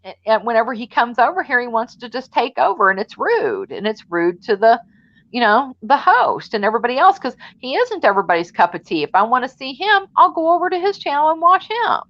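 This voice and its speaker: A woman's voice: fairly high pitch, big pitch swings, fairly quick, dry recording, muffled recording. A woman hosting a livestream panel in a casual, gossipy chat, throwing shade and laughing often.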